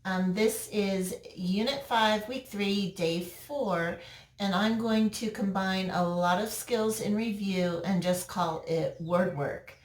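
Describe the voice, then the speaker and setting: A woman teacher giving a recorded phonics lesson to young children, slow and patient, drawing out words for them. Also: mid-range voice. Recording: roomy echo, mic at a distance.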